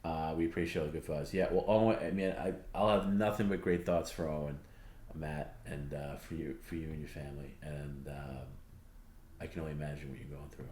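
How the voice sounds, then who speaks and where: A man's voice: a bass voice, fairly even intonation, brisk, darkish tone, roomy sound, slight background noise. A man co-hosting a casual livestream, reading viewer comments aloud in a loose, rambling way. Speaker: stream co-host.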